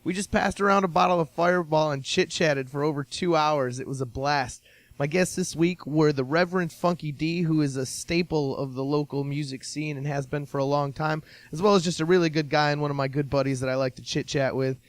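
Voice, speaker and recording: A man with a slightly raised voice hosts a laid-back podcast, chatting with friends. His talk is loose and casual, with quick bursts of words. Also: a little high, steady tone. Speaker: podcast host. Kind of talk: casual chat.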